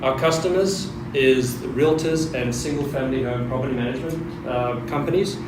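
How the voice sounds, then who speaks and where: Accented man pitching in an echoey room. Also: normal speed. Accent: foreign. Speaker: startup founder pitching. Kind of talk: live pitch to an audience. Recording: roomy, distant, noisy hall.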